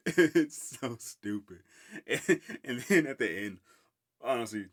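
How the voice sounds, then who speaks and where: A man's voice: medium pitch, animated, takes it slowly, a bit bright. A man talking through a film in a loose, rambling solo podcast, breaking into laughter again and again. He swears freely and keeps circling back on his own points. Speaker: podcast host. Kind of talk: casual solo film review.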